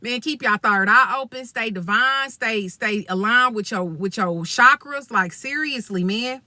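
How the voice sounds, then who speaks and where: A woman's voice: fairly high pitch, measured pace, sharp tone, no room sound. A young adult woman venting in an angry storytime vlog, blunt and profane, talking straight to her viewers. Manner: blunt, profane and heated, addresses viewers as y'all. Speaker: vlogger.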